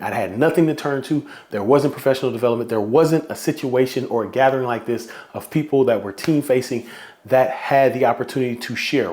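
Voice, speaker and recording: Male podcast host, excitable and repetitive, mid-range voice. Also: mid-range voice. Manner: excited, repetitive, hype-driven. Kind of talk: solo podcast talk.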